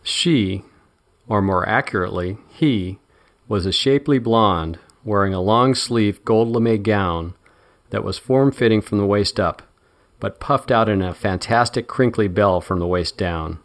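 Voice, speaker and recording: Male narrator with a lowish voice for a first-person audiobook. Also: unhurried.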